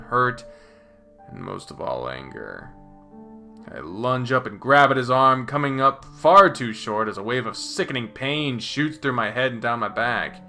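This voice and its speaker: A man giving a dramatic first-person reading of a visual novel, expressive and profane, moving between hushed and loud. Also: mid-range voice, vocal fry. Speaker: reader voicing a visual novel.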